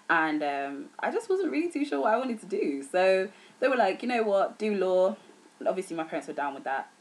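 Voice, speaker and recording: A woman's voice: low-pitched, low-quality recording. A young woman chatting earnestly to camera as a vlogger, serious in tone, with plenty of filler words. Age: young adult. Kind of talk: casual chat to camera.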